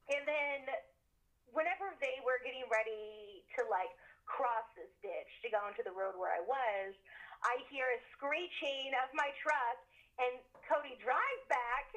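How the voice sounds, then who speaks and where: A woman casually telling a spooky story, animated, laughing often and full of fillers. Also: sits high, rough recording. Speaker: guest telling a ghost story.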